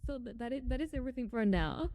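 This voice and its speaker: A woman's voice: fairly high pitch, sing-song, quick pace, a little mellow. A woman hosting a stream, cheering on a storyteller and reacting. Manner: encouraging, reacting with gasps and laughs. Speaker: stream host. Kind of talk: casual stream chat.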